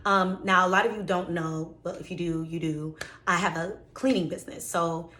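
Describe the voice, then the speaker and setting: A woman's voice: lowish voice, fairly even intonation, normal speed, sharp tone, slight background noise. A woman telling a personal story in a chatty, casual way, full of fillers and exasperated asides. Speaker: vlogger.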